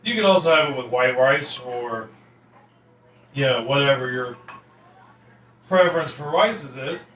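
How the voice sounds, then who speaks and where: A man in his thirties talks loosely through a home cooking vlog from his kitchen. His voice is bright and forceful, and he wanders from thought to thought with plenty of ums and uhs. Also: mid-range voice, lively intonation, unhurried, a little hiss or hum. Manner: rambling, filler-heavy, folksy. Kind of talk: casual cooking vlog chat.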